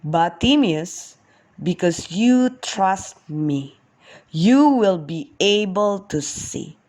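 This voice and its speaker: A woman voicing Jesus as a gentle, kindly man, speaking softly and slowly in a storybook reading. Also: expressive. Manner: soft low kindly speech.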